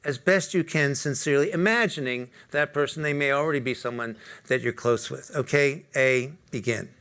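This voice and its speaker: A man's voice: medium pitch, normal speed, a bit bright, clean tone. A man speaking at a corporate talk, leading a live group exercise and putting direct questions to the audience. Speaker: workshop speaker.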